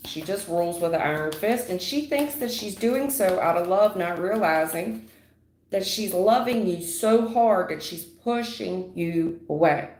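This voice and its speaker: A woman's voice: lowish voice, a little slow, darkish tone, a little hiss or hum. Woman, tarot reader on a livestream, emphatic and repetitive, casual slang, roomy echo. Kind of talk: live tarot reading.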